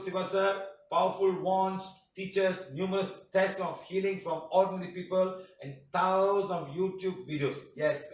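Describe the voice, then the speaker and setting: A man with a Malaysian English accent teaching a casual class, reading out messages and joking with a chatty, laughing manner. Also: high voice. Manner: jokey, chatty, repeats "madam" and "huh", laughs often. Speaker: healing teacher answering testimonials. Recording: echoey room, voice somewhat far from the mic.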